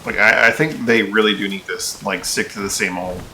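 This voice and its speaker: A man's voice: fairly low pitch, steady tone, fairly quick, sharp tone, slight background noise. A man streaming a game, chatting casually and thinking aloud in rambling asides. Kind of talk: casual gameplay commentary.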